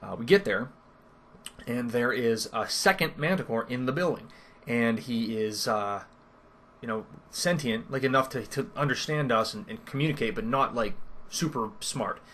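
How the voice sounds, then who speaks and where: A man's voice: medium pitch, lively intonation, moderate pace, a bit bright, slight background noise. A man casually recounting a tabletop game session, rambling and interrupting himself with lots of fillers. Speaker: first-time game master recapping a campaign. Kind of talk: casual storytelling recap.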